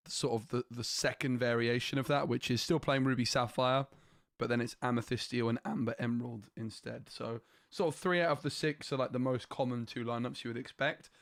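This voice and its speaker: A man's voice: mid-range voice, no room sound, clean studio sound. A man hosting a casual card-game watch-party stream, slightly losing his voice, explaining player lineups. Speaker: stream host. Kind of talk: casual livestream chat.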